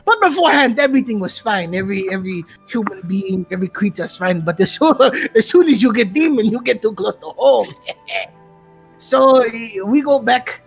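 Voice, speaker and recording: A tabletop player voicing a boastful, eccentric masked male showman who recaps the last session in character, with theatrical shouted outbursts. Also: mid-range voice, expressive, moderate pace, breathy edge, faint music behind.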